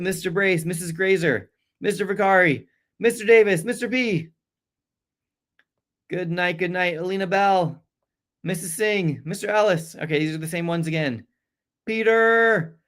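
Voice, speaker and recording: Hosting a loose live-stream review for AP exams, a man with a fairly high voice chats casually and rattles off long lists of viewer names for shout-outs. When he stumbles over difficult names, he quickly apologizes.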